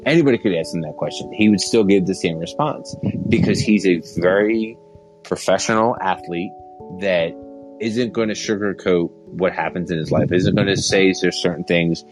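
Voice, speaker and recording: A man's voice: deep voice, normal speed, soft background music, poor audio. A man hosting a podcast, talking sports in a casual, earnest and rambling way. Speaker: podcast host.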